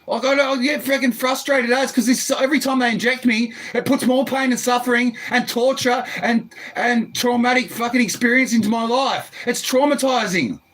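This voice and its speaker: An Australian man arguing with police through his door, agitated, swearing and often shouting, recorded on a phone. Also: very high-pitched, fairly even intonation, normal speed, hardly any pauses. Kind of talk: heated argument.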